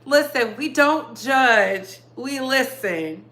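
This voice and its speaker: Bright, high-voiced woman live-streaming chat. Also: lively intonation, slow. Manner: chatty, laughs often, greets chat viewers by name. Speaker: livestream host. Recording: echoey room.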